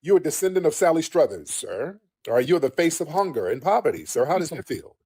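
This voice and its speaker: A man's voice: on the high side, very animated, fast, darkish tone, breathy edge. A man hosting a livestream, mocking and scolding a caller in a heated, repetitive way. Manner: mocking, repeats himself, talks down to a caller. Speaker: streamer host.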